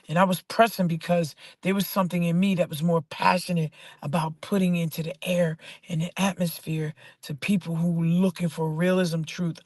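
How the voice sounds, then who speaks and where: A woman's voice: lowish voice, no room sound, studio quality. A woman poet talking casually and emphatically about faith and perseverance, repeating her phrases for stress. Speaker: poet and artist. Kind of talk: casual inspirational talk.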